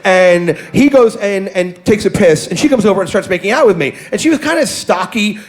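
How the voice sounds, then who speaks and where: A man with a notably high speaking voice spins a raunchy anecdote for a crowd. He is brash and profane, and he keeps mocking himself as he goes. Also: lively intonation, brisk. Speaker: guest comedian. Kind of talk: crude storytelling for a live audience.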